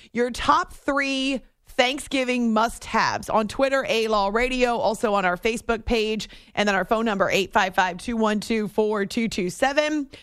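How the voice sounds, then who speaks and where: A woman's voice: fairly high pitch, smooth, no room sound, studio quality. A woman from the Southern US hosting a talk radio show, chatting and laughing as she reads listener messages. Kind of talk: casual sports talk radio chat. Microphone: studio microphone.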